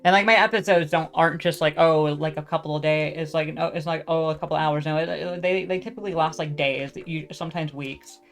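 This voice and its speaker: A woman's voice: deep voice, fairly even intonation, brisk, few pauses, faint music behind. A woman hosting a loose, rambling solo talk, restarting sentences constantly, packed with fillers and casual swearing. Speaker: podcast host.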